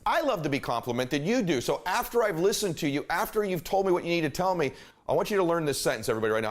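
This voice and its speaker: A man's voice: a little high, very animated, quick pace. A man giving a motivational talk, speaking emphatically, repeating his key phrases and shifting his pace and volume to make a point.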